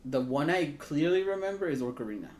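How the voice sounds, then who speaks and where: A man's voice: a little high, animated, fast talker, darkish tone. A man co-hosting a podcast, telling rambling stories in casual chat and swearing freely. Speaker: podcast co-host. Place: podcast room. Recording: echoey room with faint noise.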